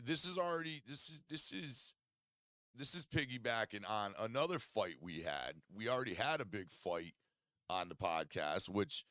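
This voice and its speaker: A man's voice: fairly low pitch, bright, forceful tone, clean tone, dry recording, studio quality. A man hosting a podcast from his basement, telling a rambling, profanity-heavy story in casual chat. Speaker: podcast host. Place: home basement studio.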